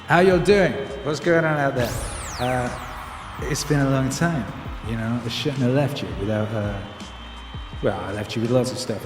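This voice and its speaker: A man's voice: medium pitch, reverberant, in a large hall. Rambling, jokey man hosting a livestream. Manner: loose, rambling and jokey, with playful asides. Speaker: livestream host and musician. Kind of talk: casual livestream chat, reading viewer comments aloud. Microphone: microphone on a stand in front of him. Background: music playing.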